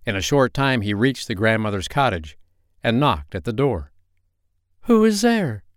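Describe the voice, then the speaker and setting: A man narrating a bedtime story as host of a story podcast, gentle and expressive. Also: lowish voice, moderate pace, no echo, studio quality.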